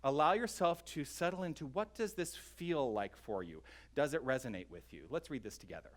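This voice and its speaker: A man's voice: mid-range voice, expressive, brisk. A man leading an online sermon as minister, earnest and inviting, speaking straight to his listeners and a little out of breath. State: slightly out of breath.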